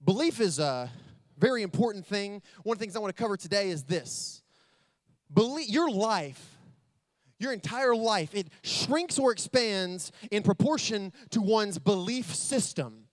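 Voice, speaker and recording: A man giving a motivational keynote at a business convention, telling stories that build to loud excitement. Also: sits high, a little slow, no echo. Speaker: motivational speaker. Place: convention stage.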